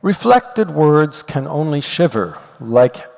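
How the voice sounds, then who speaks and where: An older man giving a university lecture, explaining step by step and reading poetry aloud in an animated way. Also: fairly high pitch, slow, vocal fry. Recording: long hall reverb.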